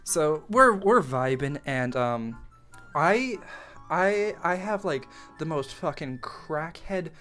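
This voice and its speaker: A man's voice: on the high side, lively intonation, slow pace, sharp tone, soft background music. A young man telling a rambling, profane story from his teens in a casual storytime vlog, full of fillers and restarts. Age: young adult. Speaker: storytime vlogger.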